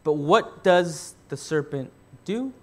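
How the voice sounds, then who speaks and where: A man's voice: on the high side, lively intonation, takes it slowly, darkish tone. A man preaching a sermon as pastor. He asks the congregation questions and answers them himself, rephrasing as he goes. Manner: rephrases and restarts mid-thought.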